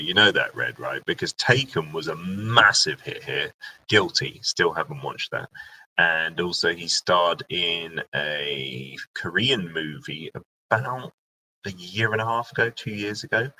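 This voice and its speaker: A man's voice: rumbling low, pushed and bright, a little hiss or hum, poor audio. A young British man hosting a casual live-stream Q&A. He reads viewer comments aloud, chats freely and makes little asides to himself, recorded through a laptop webcam mic at home. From Britain. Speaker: live-stream host and radio presenter.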